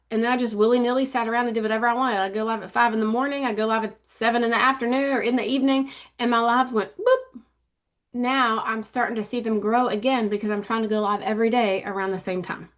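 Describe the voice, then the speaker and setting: A woman in her fifties giving casual social media coaching to camera, emphatic and repeating her key points over and over. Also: fairly high pitch. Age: 50s. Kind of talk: casual teaching talk to camera.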